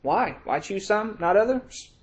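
High-voiced preacher drawing out scripture. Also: male voice, sing-song. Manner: reads scripture aloud in slow, drawn-out emphasis; conversational, checks in with "all right?". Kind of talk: sermon.

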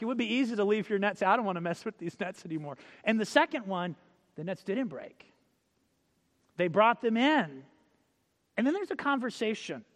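A male preacher giving a sermon, telling stories, acting out quotes and reading scripture slowly. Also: sits high, long reverb tail. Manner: storytelling, acts out quotes, reads scripture slowly.

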